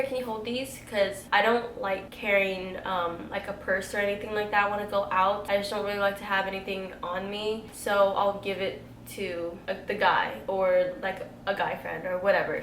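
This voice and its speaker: A woman's voice: medium pitch, far from the mic. Chatty young woman in an echoey room. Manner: chatty, animated, heavy use of "like". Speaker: beauty vlogger telling a story. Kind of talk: casual storytime chat. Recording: echoey room, faint background hiss.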